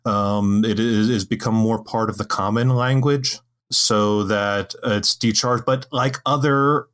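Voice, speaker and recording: Low-voiced man, halting speech. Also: steady tone, fairly bright tone. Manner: hesitant, many restarts and fillers. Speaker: podcast panelist. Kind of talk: casual podcast discussion.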